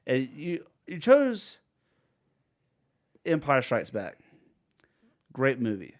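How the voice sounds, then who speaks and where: A man's voice: mid-range voice, drawn-out words. Joking man hosting a casual podcast. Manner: animated, jokey, breaks into loud sound effects and laughter. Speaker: podcast host. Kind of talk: casual chat.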